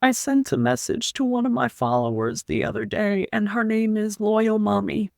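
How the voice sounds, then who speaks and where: Gravelly-voiced woman telling her story. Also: medium pitch, expressive, darkish tone, no echo, studio quality. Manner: earnest, heartfelt storytelling; slow, halting phrasing with short pauses. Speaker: podcast guest. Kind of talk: personal story told in an interview.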